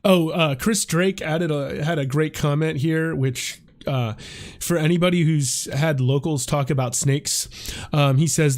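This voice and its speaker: A man's voice: a little high, measured pace. A man co-hosting a podcast in casual chat, reading viewer comments aloud and giving short, laid-back answers. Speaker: podcast co-host who reads viewer comments.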